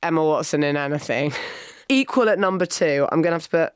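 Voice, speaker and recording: A woman's voice: sits low, brisk, smooth, dry recording, clean studio sound. A middle-aged woman co-hosting a podcast in casual chat, giving wry, opinionated takes and laughing between points. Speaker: podcast co-host.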